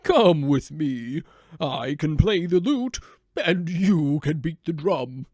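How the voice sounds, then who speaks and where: A man voicing an old male donkey, speaking slowly and emphatically. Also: a little high, lively intonation, darkish tone, no echo, studio quality. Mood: encouraging. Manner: slow, emphatic, drawn out.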